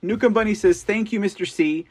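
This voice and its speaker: A man's voice: sits high, fairly quick, a little mellow. A man hosting a live online news show, chatting casually and reading out viewer comments with frequent laughs. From Texas. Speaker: livestream news show host. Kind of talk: casual live-chat talk.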